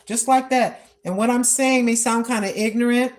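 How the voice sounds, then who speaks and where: With a fairly high, steady voice at a moderate pace and few pauses, an American woman in her sixties vlogs while walking outdoors. She speaks earnestly about prayer, praying and testifying in a repetitive, preacherly manner.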